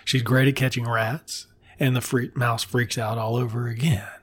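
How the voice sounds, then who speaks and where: A man's voice: mid-range voice, little pitch movement, normal speed, a little hiss or hum. A man hosting a podcast, retelling a classic story in a casual, irreverent way, swearing freely and tossing in asides. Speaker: podcast host.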